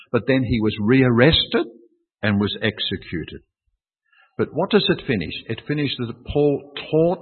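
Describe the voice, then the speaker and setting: A husky-voiced man delivers a sermon, pressing his points with repetition and rhetorical questions. His voice rings through a large hall with a long, trailing reverb. The sound is thin and tinny, like a phone line. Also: mid-range voice. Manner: emphatic, repeats key phrases and asks rhetorical questions. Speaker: preacher.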